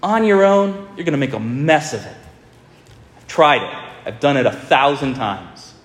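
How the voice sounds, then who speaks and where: A man preaching a sermon in a storytelling manner, speeding up and slowing right down for emphasis. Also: medium pitch, animated. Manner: storytelling, shifting between fast and drawn-out. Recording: echoey hall with long reverb.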